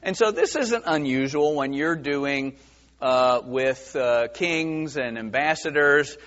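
A man's voice: on the high side, takes it slowly, a bit bright. A man teaching through a Bible passage verse by verse in a conversational way, with many fillers. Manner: conversational, many fillers, acts out quoted voices. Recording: dull sound with long reverb in a large hall.

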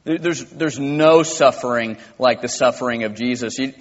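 A male pastor preaching a sermon, impassioned and swinging from quiet to loud. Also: medium pitch, moderate pace. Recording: dull lo-fi with long church reverb.

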